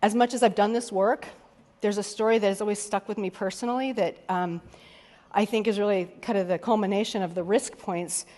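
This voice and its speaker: A woman's voice: medium pitch, steady tone, fairly quick, warm tone. Woman, keynote speaker, candid, conversational, mid-range voice, long hall reverb. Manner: candid, conversational, casually swearing. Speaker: keynote speaker and executive coach. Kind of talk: motivational keynote talk.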